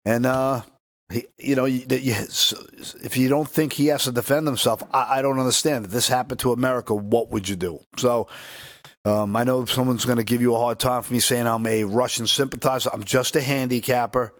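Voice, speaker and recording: A man's voice: mid-range voice, steady tone, a little fast, dry recording. Rambling male political talk co-host. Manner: rambling, with restarts, reading news aloud. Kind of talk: casual political commentary.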